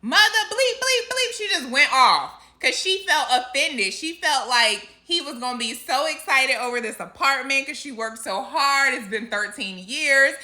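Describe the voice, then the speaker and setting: A woman tells a story to her viewers in a casual, animated way, and she laughs often. Her voice is high and very bright, with a wide, bouncy pitch. She sounds expressive and conversational. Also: unhurried, few pauses. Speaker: Christian vlogger.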